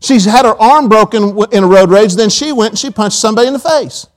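High-voiced man preaching a folksy sermon. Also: fast, rough recording. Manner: folksy storytelling with quoted asides. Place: church auditorium.

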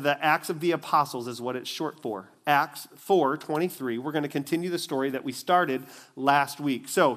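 Brief: animated male preacher, fairly high voice, storytelling sermon. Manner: animated storytelling, acts out the scenes. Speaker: pastor.

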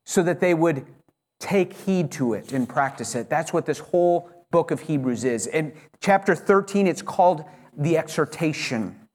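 A man with a rather high voice delivers a sermon as pastor. He speaks with urgent, emphatic conviction and often stops and restarts a phrase mid-thought. He exhorts his congregation directly. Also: lively intonation, normal speed, darkish tone. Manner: earnest, urging, emphatic; frequent self-corrections and restarts.

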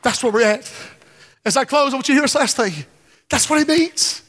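Man preaching, fervent sermon, high voice, long church reverb, faint music behind. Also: fairly quick, a faint crowd. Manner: fervent preaching, drops to hushed tones and breaks into song. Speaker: pastor. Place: church sanctuary.

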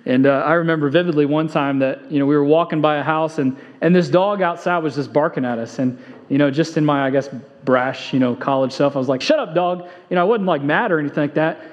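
High-voiced man preaching in echoing hall. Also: fast. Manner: earnest, repeats key phrases for emphasis; conversational storytelling with fillers. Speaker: pastor. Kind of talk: sermon. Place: church sanctuary. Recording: long hall reverb, dull lo-fi sound.

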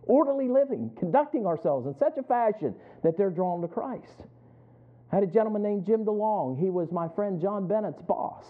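A man preaching a sermon, telling personal stories and chuckling between lines as he acts out both sides of a conversation. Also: high-pitched. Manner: animated storytelling, acting out both sides of a conversation. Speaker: pastor. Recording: tinny phone-like sound.

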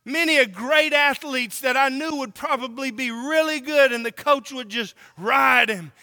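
High bright-voiced preacher in echoing hall. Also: male voice. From Oklahoma, US. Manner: emphatic, drawn-out preaching with rhetorical questions. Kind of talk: sermon.

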